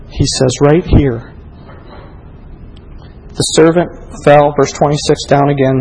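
A male preacher with a somewhat raised pitch delivers a sermon. He moves between forceful, emphatic reading and hushed, intimate appeals, and keeps pressing his listeners with direct questions. A faint rumble runs underneath his voice. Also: fairly even intonation, slow, long pauses, big-room sound, poor audio.

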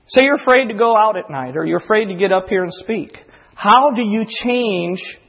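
A man's voice: sits high, gravelly, breathy edge, big-room sound. A male pastor preaching a sermon in a church, earnest and confessional, often acting out inner voices. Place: church sanctuary.

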